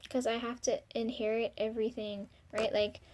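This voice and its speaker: A young woman talking to the camera in a rambling, confessional video diary, full of ums, casual swearing and soft trailing pauses. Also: fairly high pitch, flat delivery. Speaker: vlogger.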